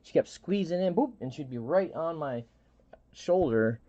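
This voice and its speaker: A middle-aged man hosting a live stream, telling a story in a halting, rambling way with many restarts and fillers. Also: fairly high pitch, animated, warm tone, highs cut off. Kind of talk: casual storytelling chat.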